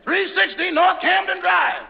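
A man with a gravelly voice, talking loudly in a 1940s radio comedy as a valet. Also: very high-pitched, unhurried. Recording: noisy lo-fi old radio recording.

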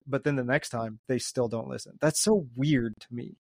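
A man's voice: medium pitch, fairly quick, dry recording, clean studio sound. Easygoing, rambling man podcast host. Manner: rambling, easygoing, laughs often. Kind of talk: casual chat.

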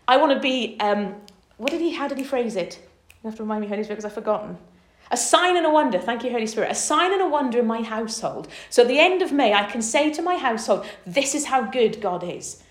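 A woman leading an informal Bible study, talking enthusiastically and climbing in pitch as she gets excited. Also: roomy sound. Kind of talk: informal preaching to a small group.

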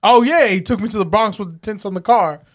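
A young man, telling stories in a casual chat, animated and swearing a lot. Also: sits high, fast, dry recording, studio quality. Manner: animated storytelling, heavy swearing. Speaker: podcast co-host.

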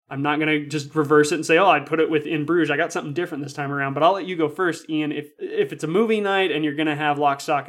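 Fast-talking chatty man hosting a podcast. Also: on the high side, fairly bright tone. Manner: quick, chatty, frequent restarts and "like". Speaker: podcast host. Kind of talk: casual film podcast chat.

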